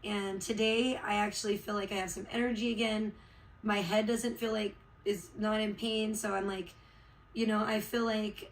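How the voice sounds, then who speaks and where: A woman from Chicago, USA, chats casually on a livestream in a mid-range voice with fairly even intonation at normal speed. She's just getting over being sick, and her talk is rambling, heartfelt, and full of fillers. The recording quality is low.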